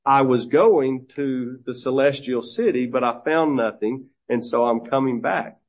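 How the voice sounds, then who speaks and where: A man's voice: mid-range voice, unhurried. A man voicing a smug, dismissive male atheist traveler who scoffs at belief. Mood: scoffing. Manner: mocking, self-assured. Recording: dull lo-fi recording.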